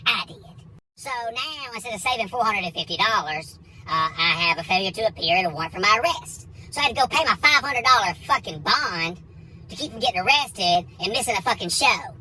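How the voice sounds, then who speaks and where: Crude, animated woman comic. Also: on the high side, moderate pace, slight background noise, rough recording. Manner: crude, animated, acts out other voices. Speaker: comedian. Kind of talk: storytelling comedy monologue.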